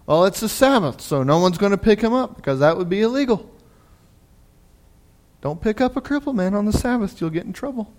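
A man preacher giving a sermon in an animated, conversational storytelling way. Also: high voice, fairly quick.

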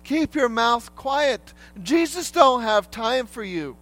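A curt, dismissive disciple sends people away in a raised, sneering voice, as a man puts him on. He stretches some words out slowly. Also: very high-pitched, lively intonation, a bit bright, pitched above the performer's own voice, full character voice. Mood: scornful. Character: scornful male disciple shooing people away.

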